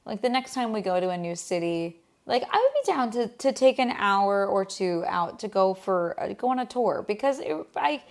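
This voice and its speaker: A woman's voice: mid-range voice, big pitch swings, moderate pace, few pauses. A woman telling her husband about a recent outing in a casual chat, rambling and restarting as she goes. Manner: chatty, rambling storyteller with many restarts. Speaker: co-host.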